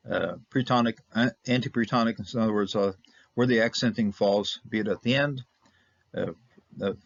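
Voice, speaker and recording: Man, teacher, low pitch, gravelly, halting and relaxed, dry dull recording. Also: no echo. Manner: relaxed, halting, many fillers and restarts. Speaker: Hebrew teacher. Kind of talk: informal recorded lesson.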